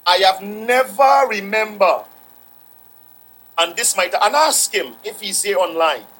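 A man's voice: high-pitched, expressive, slow pace, fairly bright tone, breathy edge, poor audio. A man preaching a sermon, repeating phrases for emphasis and quoting scripture.

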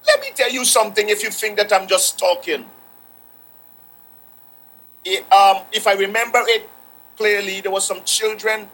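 A man's voice: sits high, normal speed, pauses often, sharp tone, poor audio. A man preaching a sermon, repeating phrases for emphasis and quoting scripture.

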